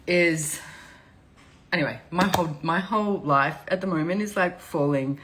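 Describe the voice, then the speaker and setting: Pitched on the low side and moving at a moderate pace, this woman's voice comes through over a noisy background. She's hosting a live stream, chatting casually in a rambling, open, emotional way, frequently tearing up and laughing.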